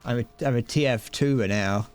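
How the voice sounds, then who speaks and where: A man's voice: mid-range voice, normal speed, clear, resonant tone. Rambling, playful young man streaming a game. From Britain. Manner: rambling, playful, hums to himself while playing. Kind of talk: casual gaming stream chat.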